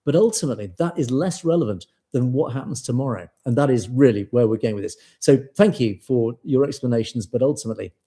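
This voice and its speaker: Chatty british male host, mellow voice. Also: mid-range voice, quick pace, hardly any pauses. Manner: chatty, rambling, many restarts and fillers. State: voice tiring. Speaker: show host reading viewer comments. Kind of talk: live show comment reading.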